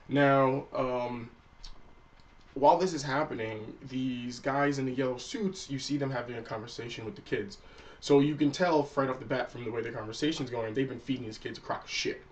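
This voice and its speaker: Casting note: male anime-review vlogger, mid-pitched, relaxed and profane, sitting a little far from the mic. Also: a little hiss or hum. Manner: loose and profane, acts out characters' lines. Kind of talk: casual spoken episode recap.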